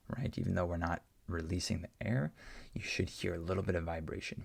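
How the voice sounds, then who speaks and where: Low, gravelly man teaching pronunciation. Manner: patient, demonstrates sounds slowly and repeats example words. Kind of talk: explaining answers to learner questions.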